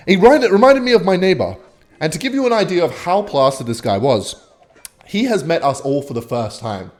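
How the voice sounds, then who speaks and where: A young man telling a rambling, swear-filled story while commentating his own gameplay, with sudden excited outbursts. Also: mid-range voice. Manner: animated, swearing, bursts of excitement while playing. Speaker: gaming vlogger.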